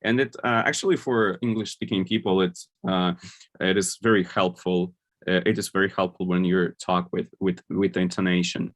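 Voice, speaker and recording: A man's voice: deep voice, steady tone, moderate pace. A man giving an online conference talk, explaining points with many fillers and restarts. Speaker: conference speaker.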